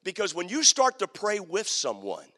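A man preaching a sermon as a story, turning dramatically from loud to hushed. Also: high-pitched, huge pitch swings, normal speed. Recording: long reverb of a large hall.

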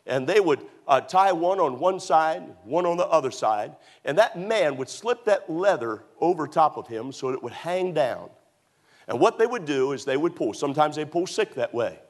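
A man preaching a sermon as a pastor, telling stories with sudden high whoops and shouts. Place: church auditorium.

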